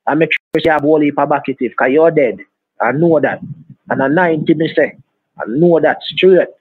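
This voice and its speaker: A man's voice: on the high side, a little fast, slightly rough, no echo. A man with a Jamaican accent, taunting and threatening over and over in a heated phone argument. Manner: taunting, threatening, repeats insults. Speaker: phone scammer. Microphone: phone call. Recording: dry tinny phone line.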